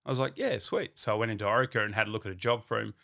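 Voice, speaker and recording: This is a man with a fairly low, gravelly voice. His tone is bright and forceful, and he tells his story as a company founder in a relaxed, chatty way. He brings his anecdotes to life by acting out what people said to him. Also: rapid-fire. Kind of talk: casual storytelling.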